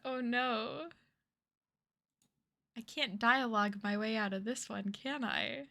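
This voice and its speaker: A woman's voice: on the high side, slow pace, creaky, heavy background noise. A woman streaming a mystery game, chatting casually, reading chat aloud and reacting with gasps and laughs.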